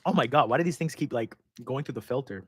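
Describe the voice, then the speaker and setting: A man's voice: medium pitch, fast, fairly bright tone, a little hiss or hum. Chatty man hosting a live Q&A. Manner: rambling, chatty, laughs often mid-sentence. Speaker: host answering viewer questions. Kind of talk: casual live-stream Q&A. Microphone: close desk microphone.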